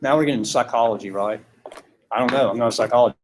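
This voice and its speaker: A man's voice: mid-range voice, racing. A man with a Georgia Southern accent teaching a philosophy class, talking conversationally and checking in with "right?" all the time. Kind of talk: classroom lecture.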